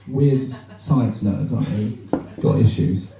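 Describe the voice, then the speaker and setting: A man's voice: fairly low pitch, slow pace, gravelly, noisy background. A man doing a crude, self-deprecating stand-up set, chatting with the audience in a small bar. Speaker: stand-up comedian. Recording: roomy live sound from a distant mic with audience laughter.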